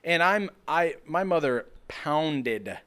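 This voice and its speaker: A young man from North Carolina co-hosts a casual podcast chat. His voice swings widely in pitch as he speaks with emphatic, passionate conviction. He swears freely when making a point. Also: expressive, takes it slowly, a bit bright, clean tone. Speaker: podcast co-host.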